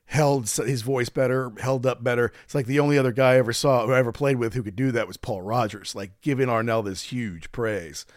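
A man's voice: mid-range voice, fairly quick, few pauses, dry recording, studio quality. A middle-aged man, a podcast host, telling a concert story in casual chat. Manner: storytelling, animated when quoting his daughter.

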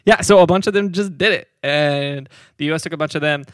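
A man's voice: fairly high pitch, fairly quick, a bit bright, no echo, studio quality. A man co-hosting a podcast, telling history in casual rambling chat, laughing often and hedging on figures. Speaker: podcast co-host.

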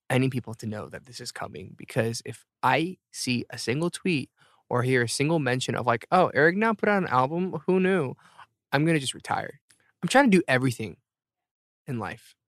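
A man's voice: medium pitch, no echo, clean studio sound. A man in his thirties hosting a podcast, rambling and joking about himself while jet-lagged and tired. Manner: rambling, self-mocking, jokey. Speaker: podcast host. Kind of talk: casual chat, show outro.

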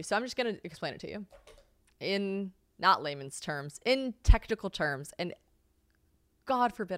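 A young woman hosting a podcast, telling a candid personal story in a casual, animated way, swearing freely and acting out her own reactions. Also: sits low, no echo, clean studio sound. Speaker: podcast host.

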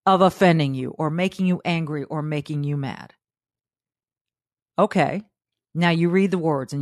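A woman hosting a podcast, giving an animated motivational monologue, acting out quotes and laughing often. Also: lowish voice, moderate pace, dry recording, clean studio sound. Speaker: podcast host.

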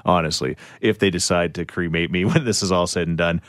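A man's voice: deep voice, a little fast, a bit bright, no echo. A man hosting a radio show, joking and laughing with his co-hosts and a guest. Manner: jokey, laughs often. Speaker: radio host. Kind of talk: lively radio banter.

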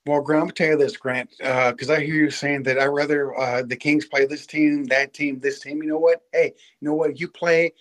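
Eager male radio caller, slightly high voice. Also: fairly even intonation, fairly quick, few pauses, a bit bright. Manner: eager, keeps addressing the host by name. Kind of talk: call-in sports talk.

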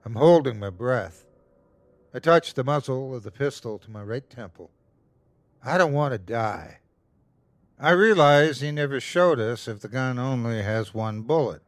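A man hosting and narrating a horror story in the first person with a slow, tense delivery. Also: mid-range voice, expressive, no echo. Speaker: host and narrator.

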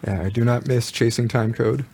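A man as a musician guest in an interview, telling his stories in a thoughtful, measured way. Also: mid-range voice, steady tone, vocal fry, a little mellow, husky. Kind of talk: casual interview chat.

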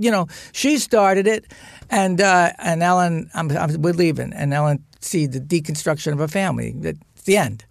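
A man, a podcast guest, telling a family story in an animated, profane way and acting out relatives' voices. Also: on the high side, moderate pace, vocal fry, no echo. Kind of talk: storytelling in conversation.

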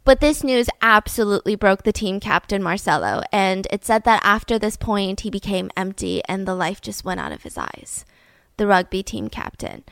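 A young woman hosting a storytelling podcast, narrating in an animated way and acting out quotes. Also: medium pitch, normal speed, no echo. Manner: animated, acts out quotes with laughs. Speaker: podcast host.

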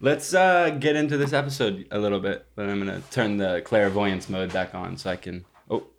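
A young man with a lowish voice hosts a casual podcast, crude and teasing. Faint noise hums behind him. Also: moderate pace. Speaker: podcast host.

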